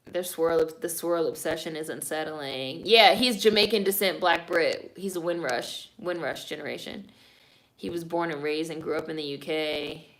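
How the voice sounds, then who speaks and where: A woman with a bright, sharp tone running a live stream. She reads viewer comments out loud and answers them in blunt, opinionated bursts. Her talk is loose and profane, full of "like" and "y'all". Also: sits low, normal speed. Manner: blunt, opinionated, frequently swearing.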